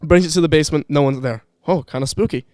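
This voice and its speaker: Fairly high-pitched and quick, with a darkish tone, a young podcast guest who used to be an employee rambles through stories with laughs and restarts. The casual chat is recorded with clean studio sound and no room sound.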